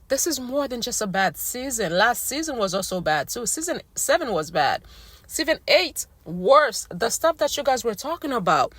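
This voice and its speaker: Exasperated woman ranting, voice going hoarse. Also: a little high, a bit bright, no echo. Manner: exasperated, blunt, slangy. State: losing her voice. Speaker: recap vlogger. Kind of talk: casual rant to camera.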